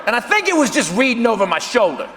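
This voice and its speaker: A middle-aged man doing a stand-up comedy set, telling a story in a loud, animated way with shouted punchlines. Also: very high voice, fast talker. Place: comedy stage before a live audience. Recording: live hall recording with audience noise.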